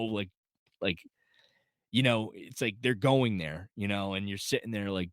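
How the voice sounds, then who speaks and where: A man's voice: fairly low pitch, steady tone, a little slow, no echo, clean studio sound. A man casually reviewing a film, rambling with many fillers and restarts, choked up and holding back tears. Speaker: movie reviewer.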